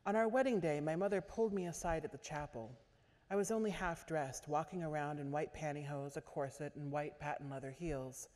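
A woman's voice: deep voice, fairly quick, darkish tone. Woman reading fiction in a hall. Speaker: author reading her fiction. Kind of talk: literary reading. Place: large auditorium. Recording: echoey auditorium.

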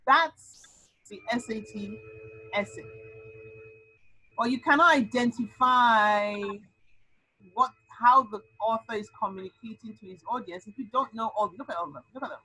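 Woman tutor on a video call, husky, slightly high voice, animated teaching, dry sound. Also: moderate pace, pauses often, rough recording. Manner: lively, animated explaining with sound-word outbursts. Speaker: SAT tutor. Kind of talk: online tutoring lesson.

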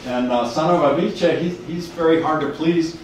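A man's voice: a little high, moderate pace, a little mellow, a little hiss or hum. A man giving a university lecture with slides, rambling and hesitant with many restarts. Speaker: university professor giving a talk. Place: lecture room. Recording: echoey room from far off.

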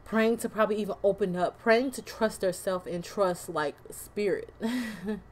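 A woman's voice: medium pitch, normal speed, a little mellow, slight background noise. A woman doing a casual tarot reading to camera, chatty and loose, with slang, swearing and laughing asides. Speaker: tarot card reader.

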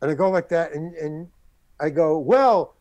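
The recording is dry and lo-fi, capturing an older man with a slightly high voice talking at normal speed. Appearing as an interview-show guest, he tells a lengthy story and performs the voices of the people involved.

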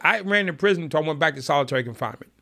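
A man retelling his past in an interview, speaking calmly and plainly in a streetwise way. His fairly high voice is gravelly and moves up and down a lot. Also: rapid-fire. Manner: calm, streetwise, vivid retelling. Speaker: guest. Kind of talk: storytelling in an interview.

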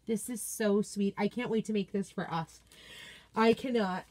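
An enthusiastic woman hosts a casual unboxing chat from her home office. She gushes over each item and answers her viewers in a chatty, excited way. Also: mid-range voice, normal speed. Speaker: craft product seller and video host.

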